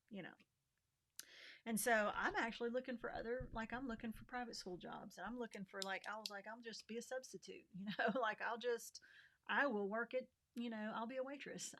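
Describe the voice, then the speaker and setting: A woman's voice: medium pitch, fairly bright tone. A middle-aged woman vlogging frankly about her week, venting with swearing, fillers and bursts of laughter. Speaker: vlogger and teacher. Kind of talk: candid personal vlog.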